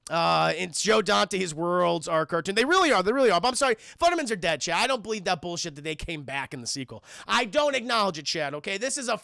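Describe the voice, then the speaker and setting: Gravelly, profane young streamer. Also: male voice, high-pitched, lively intonation, quick pace, hardly any pauses, sharp tone, no room sound, clean studio sound. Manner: profane, rambling, constantly addressing chat. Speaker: streamer film reviewer. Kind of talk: live-stream film recap.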